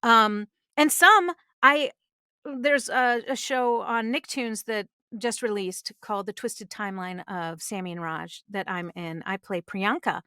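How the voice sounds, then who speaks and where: A woman's voice: medium pitch, unhurried, pushed and bright, clean tone, dry recording, studio quality. A middle-aged woman, a voice actress guest on a podcast, speaking earnestly and giving emphatic advice in conversation. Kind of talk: conversational interview. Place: podcast studio.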